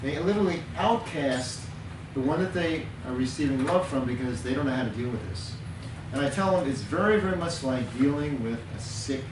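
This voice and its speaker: A man's voice: medium pitch, animated, a little fast, background noise. Man, counselor, earnest teaching talk, repeats words for emphasis, distant mic, roomy echo.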